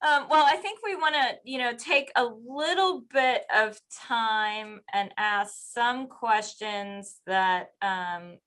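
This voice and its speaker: A woman interviewing a guest, measured and appreciative as she frames her questions. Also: fairly high pitch, fairly bright tone.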